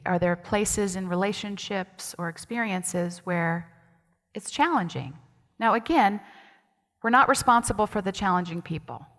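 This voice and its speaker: A woman's voice: mid-range voice, a bit bright. A woman associate minister giving a conversational sermon, chatty and asking the congregation questions. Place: church sanctuary. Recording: long hall reverb in a sanctuary.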